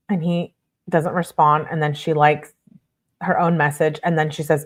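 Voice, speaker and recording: A woman's voice: deep voice, fairly even intonation, brisk. A young adult woman hosting a true crime channel, reading text messages aloud in a plain, matter-of-fact way and adding her own comments.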